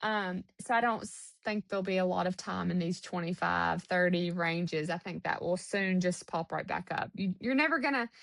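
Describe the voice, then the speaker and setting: A woman's voice: lowish voice, normal speed, creaky, few pauses, fairly bright tone, dry recording. Upbeat chatty woman golf guest. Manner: upbeat, chatty, laughs often. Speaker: guest, former tour golfer. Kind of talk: casual podcast chat.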